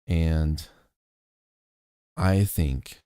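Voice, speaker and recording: A man with a low, mellow voice speaks slowly and earnestly, as if recounting a lesson from home. The sound is close and dry, with no room around it. He talks with the reflective steadiness of a motivational vlogger. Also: smooth, no room sound. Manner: earnest, measured, storytelling. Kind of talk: reflective talk to camera.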